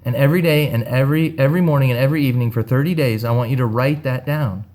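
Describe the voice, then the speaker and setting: Man playing a calm, firm motivational speaker, low-key delivery. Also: very fast, natural voice. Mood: patient. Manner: calm, patient advice.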